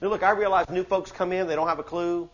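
A high-voiced pastor preaches fast to his church with fairly even intonation, heard through lo-fi sound. He stays fervent and conversational, lowering to hushed asides and then shouting questions in call-and-response.

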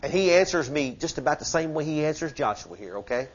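A pastor delivers a fervent, conversational sermon at a church service, slipping into hushed asides and climbing to shouted questions amid call-and-response. His voice is a little high and expressive, he talks fast, and the audio has its highs cut off.

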